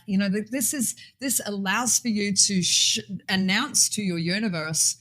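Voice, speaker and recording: A woman guest in casual chat, playful and animated, slipping into sing-song catchphrases. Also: medium pitch, normal speed, hardly any pauses. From Swaziland.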